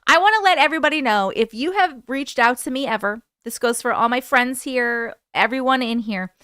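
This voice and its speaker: A woman's voice: a little high, pushed and bright, clear, resonant tone, no echo, clean studio sound. A young woman hosting a livestream, chatting casually and giggling as she reads out viewer comments. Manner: chatty, giggly, quickly distracted. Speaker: livestream host.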